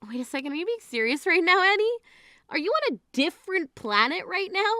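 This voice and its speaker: A stern, indignant grieving sister, played by a woman in a dramatized text-message story, scolding with a high, bright, sharp-edged voice. The recording is dry and close, with no room sound. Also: sing-song, fairly quick, dry recording, full character voice. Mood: outraged. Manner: scolding, exasperated.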